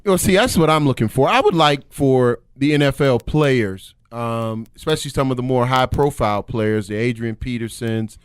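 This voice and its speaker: Male co-host, excitable, voice jumps high, smooth tone, dry close sound. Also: moderate pace, hardly any pauses, no room sound. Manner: voice shoots up when excited. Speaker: podcast co-host. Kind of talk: casual sports talk.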